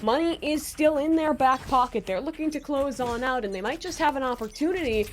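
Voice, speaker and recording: A woman commentating on an esports match, giving measured, analytical breakdowns of the play. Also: high voice, a little hiss or hum. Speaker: esports color caster.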